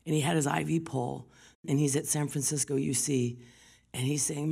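A woman's voice: rumbling low, fairly even intonation, a little fast, gravelly, a little mellow, slightly rough. A woman preaching a sermon, telling personal stories and often dropping her voice to a whisper.

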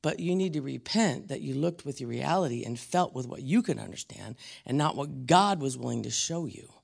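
Gravelly preacher man. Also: mid-range voice, lively intonation. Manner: slows down and drops to a whisper on key words; blunt and emphatic. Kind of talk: teaching sermon.

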